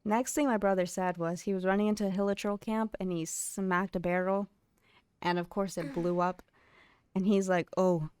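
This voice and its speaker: A woman's voice: medium pitch, darkish tone, dry recording. A young woman streamer chatting casually and giggling as she tells stories while gaming.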